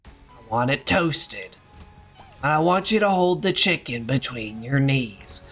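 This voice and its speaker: A hoarse man putting on the drawl of a menacing older male movie tough guy. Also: medium pitch, animated, slow pace, a bit bright, faint music behind, exaggerated voice.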